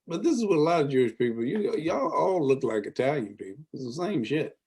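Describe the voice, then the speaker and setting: Guest comic dude, husky voice, teasing and goofing around. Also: male voice, on the high side, very animated, fairly quick, darkish tone. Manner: playful, teasing, laughs often. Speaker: guest comedian. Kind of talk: casual comedy chat.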